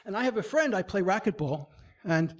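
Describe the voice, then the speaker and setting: A man presenting at a marketing meetup. He speaks in a lively, demonstrative way, acting out facial expressions and often stumbling and restarting his sentences. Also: high-pitched, a little fast. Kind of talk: presentation talk.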